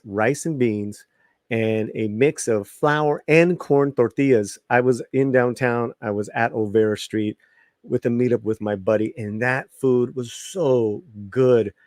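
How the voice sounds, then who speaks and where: A chatty man hosting a live-streamed talk show, often repeating himself and laughing easily. His voice sits at a middle pitch and sounds close and dry, with no room sound around it. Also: takes it slowly, a little mellow, dry recording. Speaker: host.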